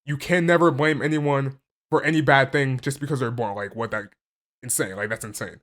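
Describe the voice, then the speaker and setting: A man casually reacting to a comic chapter, excitable and stammering, packing his talk with "like" and reading passages aloud between his reactions. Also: mid-range voice, a little fast. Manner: excitable, stammering, heavy use of "like".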